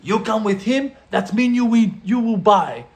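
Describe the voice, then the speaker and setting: A man's voice: sits high, expressive, normal speed, pitched above the performer's own voice. A man voicing an aggressive, big male drug boss who demands things in clipped, broken English. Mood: yelling. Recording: roomy echo.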